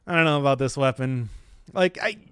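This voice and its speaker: A man's voice: mid-range voice, fairly quick, fairly bright tone, smooth, dry recording, clean studio sound. A man streaming a video game, chatting casually with jokes and rambling restarts while answering chat. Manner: jokey, rambling, self-interrupting. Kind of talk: casual gameplay commentary.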